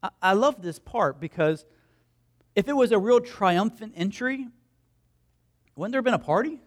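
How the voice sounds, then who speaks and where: A pastor delivers a lively, conversational sermon, acting out the people in his stories. His voice sits high for a man, and he turns to ask his congregation questions as he goes. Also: normal speed. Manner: animated storytelling, acts out voices and crowd quotes.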